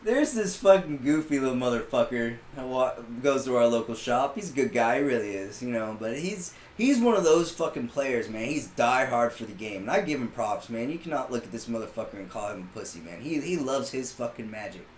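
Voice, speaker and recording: Male podcast co-host: crude, lively anecdotes in a roomy space with light background noise. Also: mid-range voice, fairly quick, few pauses. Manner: animated storytelling, swears constantly, gets loud retelling a rant. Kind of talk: casual profane chat.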